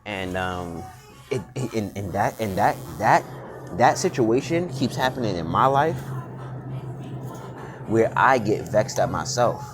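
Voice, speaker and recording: A man's voice: lowish voice, lively intonation, a little slow, long pauses. A man vlogging in a blunt, profane, unscripted monologue, often restarting and repeating words. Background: music.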